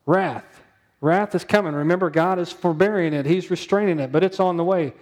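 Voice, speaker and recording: A man's voice: sits high, brisk, a little mellow. Man preaching a conversational sermon. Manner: conversational preaching with rhetorical questions to the congregation. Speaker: pastor.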